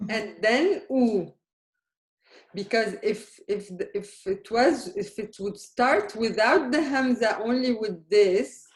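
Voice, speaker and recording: Slow-spoken woman teaching in an echoey room. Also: on the high side, lively intonation. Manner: patient, questioning, checks understanding often. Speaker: Arabic teacher. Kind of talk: live beginner language lesson.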